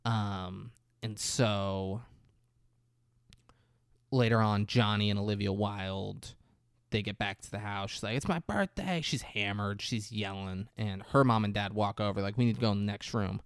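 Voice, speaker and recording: A man's voice: little pitch movement, a little slow, creaky, clean tone, no echo, studio quality. Casual guy rambling through a film plot, swears a lot, does the lines, no room sound. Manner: rambling, profane, acts out quotes with big pitch jumps. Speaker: podcast co-host. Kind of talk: casual movie recap chat.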